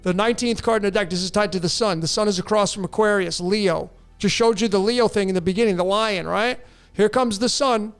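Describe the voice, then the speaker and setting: A man talks through listener questions in a loose, rambling way, full of restarts. His voice sits high and stays smooth and resonant, with some gravel in it. Faint music plays underneath. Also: brisk. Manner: rambling, animated, with restarts and laughs. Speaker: host answering listener questions. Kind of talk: casual monologue. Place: in Mexico.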